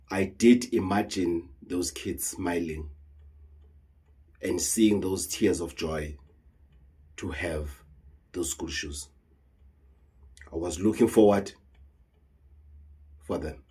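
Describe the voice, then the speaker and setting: A man's voice: deep voice, a little mellow, husky. A South African man, a traditional healer, talking heatedly and earnestly to camera, repeating words and mixing in Zulu phrases. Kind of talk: emotional monologue to camera.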